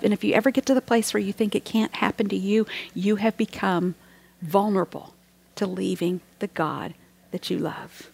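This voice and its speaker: Earnest woman teaching with a gravelly edge. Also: medium pitch, fairly even intonation, moderate pace, a little mellow. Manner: earnest, reflective, drops to near whispers. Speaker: Bible teacher. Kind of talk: devotional sermon.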